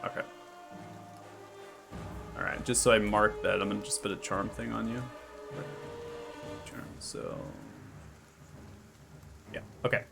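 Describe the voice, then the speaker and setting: A man running a tabletop game as game master, briskly organizing the turn order. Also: fairly low pitch, fairly even intonation, gravelly, over music. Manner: organized, briskly calls turns.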